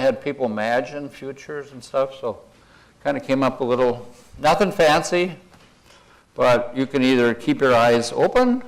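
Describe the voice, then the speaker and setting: The audio is poor as an older conference speaker, voice at an everyday mid pitch, chats to the room in a homespun, meandering manner. He chuckles at his own side comments, pokes fun at himself, and glides into a gentle guided imagery exercise.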